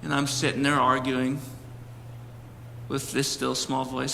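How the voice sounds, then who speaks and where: A man preaching a sermon as a personal story, earnest and animated, with emphatic peaks. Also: mid-range voice, a little slow, vocal fry, long pauses, big-room sound, slight background noise. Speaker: pastor.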